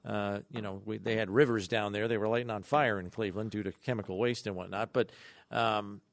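A man's voice: lowish voice, fairly even intonation, a little fast, gravelly, a little hiss or hum. A man co-hosting a sports radio show, chatting casually and telling stories with acted-out quotes. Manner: chatty storyteller, acts out quotes in a raised voice. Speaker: radio co-host.

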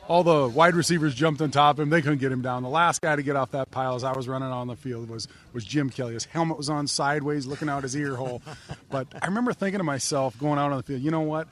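A man's voice: mid-range voice, fast. Man in his fifties telling old stories. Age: 50s. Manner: plain-spoken, stumbling restarts, warm reminiscing. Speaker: former football player, guest. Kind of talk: interview storytelling.

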